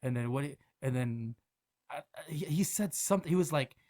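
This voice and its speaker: A young man, a podcast guest, telling a story in casual chat, animated, with swearing and laughter. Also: fairly high pitch, a little fast. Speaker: podcast guest, restaurant manager and food truck owner.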